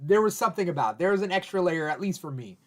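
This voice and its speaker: A man's voice: sits high, expressive, fast. Man hosting a casual aftershow chat. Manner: loose and conversational, heavy on fillers and swearing. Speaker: podcast host.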